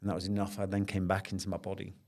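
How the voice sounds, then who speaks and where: Intense low-voiced man. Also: completely flat delivery, very fast, gravelly, darkish tone. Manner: intense, earnest, repeats phrases as he relives events. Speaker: podcast guest. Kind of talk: candid podcast storytelling.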